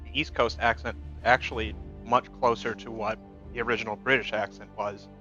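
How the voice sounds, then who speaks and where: A man's voice: on the low side, level tone, brisk, bright, forceful tone, lo-fi sound, soft background music. A man in a casual gaming chat with friends, explaining things at length in a confident, lecturing way. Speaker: gamer chatting with friends. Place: home gaming setup, voice chat.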